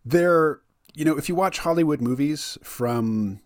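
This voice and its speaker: A man's voice: on the high side, a little slow, dry recording, clean studio sound. A man hosting a podcast interview, chatting casually with lots of "you know" fillers. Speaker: podcast host.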